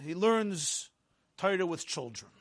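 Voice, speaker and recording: A man narrating a first-person story in a measured, dramatic way, dropping into quiet stretches. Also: high-pitched, animated.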